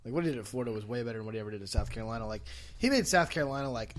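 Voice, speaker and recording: A man in a laid-back sports podcast chat who rambles and restarts his sentences, filling the gaps with ums and uhs. His pitch sits in an ordinary middle range, and the talk is easygoing banter. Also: expressive, rapid-fire. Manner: loose, rambling, lots of restarts and fillers.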